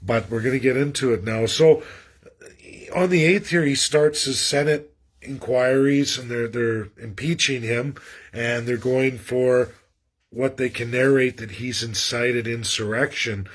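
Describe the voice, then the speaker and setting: A man's voice: medium pitch, measured pace. A Canadian man from Alberta with an Albertan accent, talking in a rambling, earnest livestream monologue with many restarts and fillers. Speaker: livestream host. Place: outdoors in a rural area.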